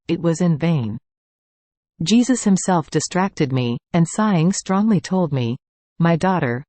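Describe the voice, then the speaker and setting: A reader of devotional writings, speaking in a calm, even, measured way as a steady scripted reading. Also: medium pitch, no room sound.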